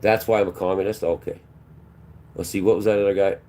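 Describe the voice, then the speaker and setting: Man, low mellow voice, preachy livestream rant, snaps at chat. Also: fairly even intonation, fast talker. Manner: preachy and combative, talks back to chat. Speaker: livestream host. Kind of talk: ranting livestream monologue.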